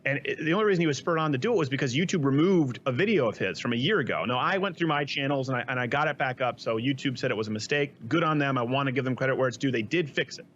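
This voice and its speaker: A man, a guest on an interview show, talking fast and joking about politics in a casual chat. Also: mid-range voice, lively intonation, fairly bright tone, lo-fi sound, a little hiss or hum.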